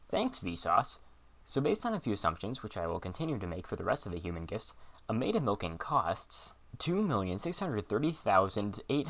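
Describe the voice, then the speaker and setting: A man delivering scripted comedic narration in a sarcastic, deadpan way with quick asides. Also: fairly low pitch. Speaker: comedy video host.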